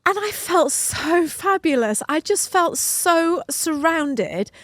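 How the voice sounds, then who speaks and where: A woman's voice: extremely high pitch, animated, slow, a bit bright, dry recording. A middle-aged woman co-hosting a casual podcast, telling stories in an effusive, emotional way, recorded outdoors at home. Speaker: podcast co-host.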